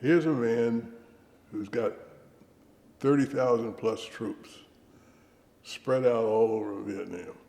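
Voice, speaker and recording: An older man, a veteran, telling lively anecdotes in an oral history interview and acting out the dialogue. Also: medium pitch, slow, creaky, pauses often, echoey room, long reverb tail. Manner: lively anecdotal storyteller, acts out quoted dialogue.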